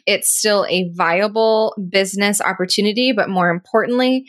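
A woman's voice: mid-range voice, moderate pace, fairly bright tone. Laughing, joking podcast co-host woman. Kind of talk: casual chat.

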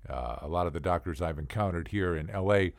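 A middle-aged man telling a personal story in a casual, chatty way, with asides to the listener and animated impressions of the people in it. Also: low-pitched, fairly quick, vocal fry, dry recording, studio quality. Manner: animated, acts out the other people's voices. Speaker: podcast storyteller.

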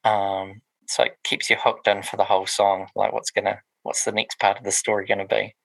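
A gravelly-voiced man chats about music on a podcast. His voice is low-pitched yet bright, and it rambles along with plenty of ums and restarts. The recording is close and dry. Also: little pitch movement, fairly quick, dry recording, poor audio. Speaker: podcast co-host reviewing music. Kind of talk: casual chat.

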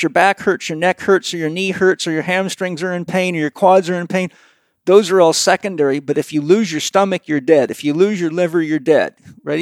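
A man's voice: fairly high pitch, dry recording, studio quality. A man who speaks bluntly and with profanity, telling stories as he explains in a casual conversation. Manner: blunt, profane, animated storyteller. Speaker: guest practitioner.

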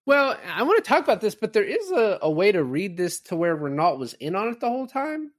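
In clean studio sound with no room noise, a podcast co-host with a high voice talks a little fast and very animatedly about a film. He retells scenes in a casual way, packing his speech with fillers.

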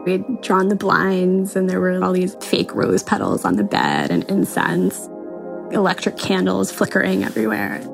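Gravelly-voiced woman telling a wry story. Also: fairly low pitch, lively intonation, normal speed, over music. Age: 30s. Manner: laughs often, wry and self-mocking, mimics others in quotes. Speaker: interviewee. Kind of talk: candid storytelling interview.

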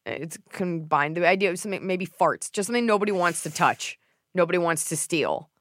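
A woman co-hosting a casual advice chat, cracking sarcastic, deadpan jokes. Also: fairly low pitch, brisk, no room sound, clean studio sound. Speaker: podcast co-host.

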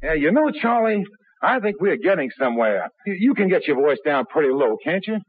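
Eager young radio performer, high and lively, slightly husky, old tinny radio sound. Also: male voice, brisk. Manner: eager, persuasive. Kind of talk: 1950s radio drama acting.

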